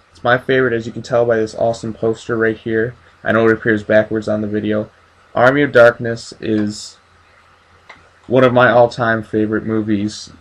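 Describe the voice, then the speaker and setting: A man hosting a casual horror movie review, enthusiastic and asking his co-hosts questions. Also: medium pitch. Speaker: host of a horror review channel.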